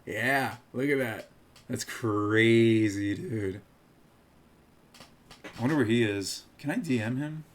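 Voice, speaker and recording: A man's voice: medium pitch, slow pace, pauses often. Rambling, mocking male streamer. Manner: rambling, laughing, mocking impressions. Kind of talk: live-stream commentary.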